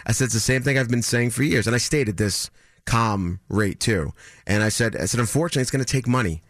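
A man in his thirties telling a story on a morning radio show, animated and mimicking other people in a higher voice. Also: fast, dry recording, clean studio sound. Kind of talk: casual chat, telling a story.

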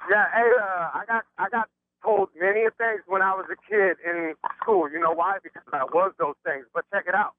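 A middle-aged male caller heard over a tinny phone line. His voice is high for a man. He talks in halting bursts and starts his phrases over and over. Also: fairly even intonation, no echo. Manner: halting, repeats himself. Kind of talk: casual phone-in talk.

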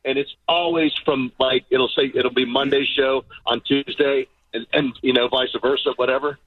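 A man's voice: medium pitch, steady tone, normal speed, no room sound. A man calling in to a radio show as a truck driver, rambling and repeating himself. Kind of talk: phone call-in. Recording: tinny phone line.

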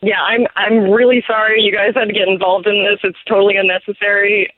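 A woman's voice: medium pitch, little pitch movement, fairly quick, no room sound. A woman calling in to a radio show over the phone, embarrassed and laughing nervously. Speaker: caller. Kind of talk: phone call on air. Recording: tinny phone line.

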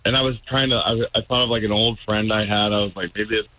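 A man's voice: on the low side, steady tone, quick pace, sharp tone, poor audio. A man calling into a radio show, telling a story in a rambling, hesitant way with many ums. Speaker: caller guest on a radio show. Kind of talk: casual storytelling on a phone-in.

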